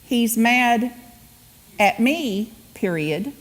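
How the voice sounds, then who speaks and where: A woman's voice: fairly high pitch, expressive, extremely slow. A woman guest speaker giving a humorous spiritual sermon in a church, acting out quotes and laughing often. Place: church sanctuary.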